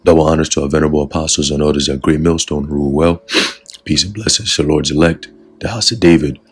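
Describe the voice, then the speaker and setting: A man giving a casual spoken testimony of a dream as a religious lesson, relaxed and full of fillers. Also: extremely low pitch, quick pace, husky. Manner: relaxed storytelling with many fillers. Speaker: religious teacher recounting a dream.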